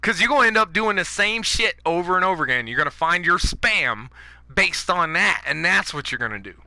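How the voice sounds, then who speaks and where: Man, gaming commentary rant: high, very bright voice, dry close mic, profane and heated. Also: lively intonation, a little fast, no room sound. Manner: profane, fired-up ranting. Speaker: gaming YouTuber. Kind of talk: ranting gameplay commentary.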